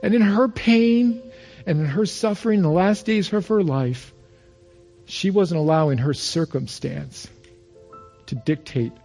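A male pastor preaching a sermon, telling stories with emphasis and going quiet on key phrases. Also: on the high side, creaky. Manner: storytelling, quotes others in lively voices.

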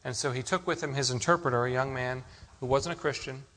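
A man's voice: mid-range voice, fast, a bit bright. A man preaching a sermon, asking the congregation rhetorical questions and telling stories. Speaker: pastor.

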